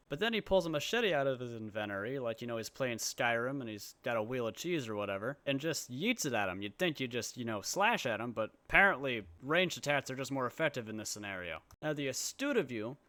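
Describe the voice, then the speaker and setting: A man's voice: medium pitch, pushed and bright, dry recording. A man giving sarcastic comedic voice-over commentary on a video, with mock-grand asides. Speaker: commentary YouTuber.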